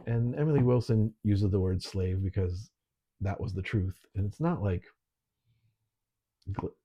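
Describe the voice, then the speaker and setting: A middle-aged man teaching an online literature lesson, relaxed and conversational, with frequent ums. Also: on the low side, measured pace, lo-fi sound.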